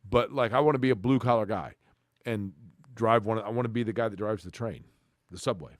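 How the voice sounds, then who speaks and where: A man co-hosting a casual sports talk show who tells animated anecdotes and asks playful questions. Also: on the low side, a little fast, no echo, studio quality. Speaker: co-host.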